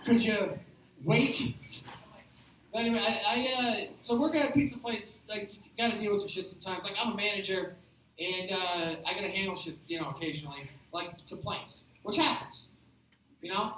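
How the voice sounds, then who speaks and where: Bright, profane male stand-up comic. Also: high-pitched, a little fast, slight background noise. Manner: profane, rambling and animated. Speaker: stand-up comedian. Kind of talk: stand-up storytelling. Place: live comedy show at a beer garden. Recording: echoey room picked up from a distance.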